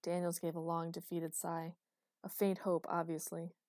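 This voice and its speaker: A woman narrating a first-person story as an audiobook, in an even storytelling manner, dry close recording. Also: lowish voice, normal speed, no room sound.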